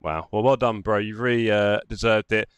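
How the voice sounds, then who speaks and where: A man's voice: fairly low pitch, steady tone, normal speed, clean tone, dry recording. A man hosting a live sim racing stream, chatting and congratulating drivers after the race. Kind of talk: live race commentary and chat. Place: home sim racing setup.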